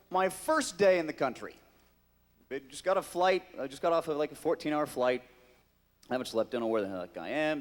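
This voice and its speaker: A middle-aged man telling an animated story to a convention audience, jumping into high squeaky voices to act out the people in it. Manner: animated, mimics voices in his anecdote. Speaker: convention guest actor. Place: large convention hall. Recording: long hall reverb.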